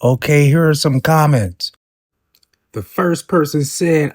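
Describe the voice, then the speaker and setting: A man in his forties giving sassy, animated commentary as a vlogger, keeps calling the listener baby and asking okay?. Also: on the high side, slow pace, no echo, clean studio sound. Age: 40s. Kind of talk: commentary vlog.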